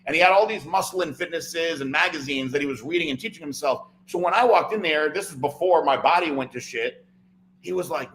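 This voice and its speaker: A man's voice: on the high side, brisk, a bit bright, slight background noise, poor audio. A man, a podcast guest, telling a long personal story in casual chat, often tagging "right?" and "like". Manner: rambling, fills talk with "like" and "right?".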